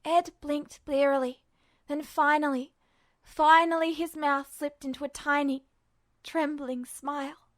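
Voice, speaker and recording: A woman's voice: high-pitched, fairly even intonation, unhurried, no echo. A woman reading a fanfiction aloud as scripted narration, in a tense and emotional telling. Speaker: podfic reader.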